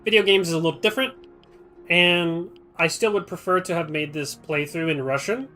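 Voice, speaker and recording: A man hosting a live game stream, talking in a chatty, rambling way. His voice sits a little high, and he thinks out loud as he plays. Faint music runs in the background. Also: normal speed. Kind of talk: casual live-stream commentary.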